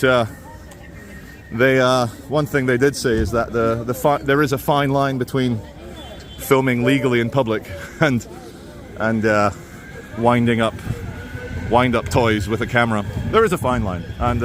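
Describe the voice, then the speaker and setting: A man's voice: mid-range voice, fairly bright tone, slight background noise. A man talking casually while vlogging on city streets with a handheld phone, rambling with sardonic asides. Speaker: vlogger host. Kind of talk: casual walking vlog narration. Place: outdoors on city streets and in a mall.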